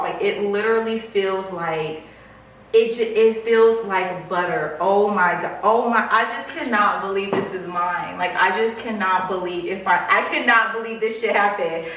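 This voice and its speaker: A woman filming an excited unboxing vlog, gushing and swearing as she squeals over her purchase. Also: medium pitch, unhurried, heavy reverb, recorded from a distance, rough recording. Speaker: luxury vlogger.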